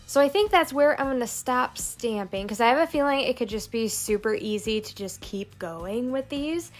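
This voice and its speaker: A woman narrating a plan-with-me planner video, calmly explaining each crafting step. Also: fairly high pitch, normal speed. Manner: calm step-by-step crafting walkthrough. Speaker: planner vlogger. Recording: soft background music.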